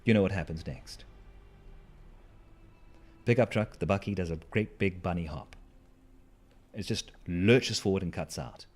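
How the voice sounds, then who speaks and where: A man's voice: sits low, a little slow, long pauses. A man telling a wry, rambling story to his stream, with asides to the listeners. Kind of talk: casual storytelling while gaming.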